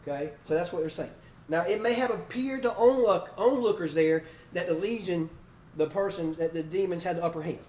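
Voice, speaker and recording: A man's voice: high-pitched, fairly quick, darkish tone. A man preaching a sermon in a folksy way, checking in with his congregation by name and asking "okay?" and "amen?" throughout. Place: church sanctuary. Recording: echoey room, distant mic, faint noise.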